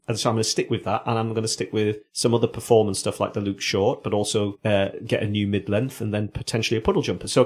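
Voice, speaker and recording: A man's voice: fairly low pitch, a little mellow. A man co-hosting a surf podcast, speaking in an earnest, encouraging way. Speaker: podcast co-host. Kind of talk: casual chat.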